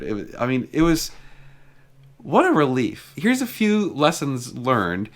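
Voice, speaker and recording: A man's voice: mid-range voice, fairly bright tone. Chatty man retelling a story. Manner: chatty, retells exchanges with lots of "like" fillers. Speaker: car vlogger. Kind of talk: casual storytelling.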